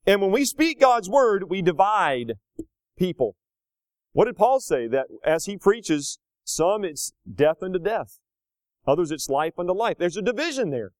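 A man in his thirties preaching a sermon, rising to loud, slow emphatic lines and dropping to quiet, casual asides. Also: no echo. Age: 30s. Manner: swings between loud emphatic peaks and low conversational asides; slows down hard on key phrases.

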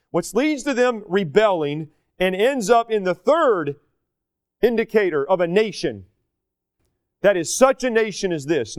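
A man preaching a sermon, moving between emphatic peaks and slow, quiet asides. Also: high-pitched, clean tone, no room sound, clean studio sound. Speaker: pastor.

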